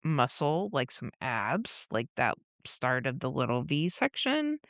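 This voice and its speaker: A woman co-hosting a podcast, recapping a comic chapter in casual chat, animated, laughing often and swearing casually. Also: extremely low pitch, measured pace, no echo, clean studio sound. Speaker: podcast co-host.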